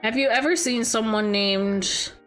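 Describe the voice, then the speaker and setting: Giggly young woman streamer, soft music. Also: fairly high pitch, unhurried. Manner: rambling, giggly, lively. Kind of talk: casual chat with viewers.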